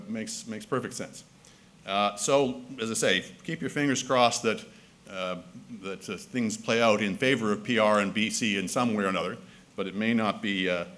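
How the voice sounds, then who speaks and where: Delivering a public keynote at a conference hall, a man from Canada takes a wry, conversational tone and often restarts his sentences. His voice is on the low side and a bit bright.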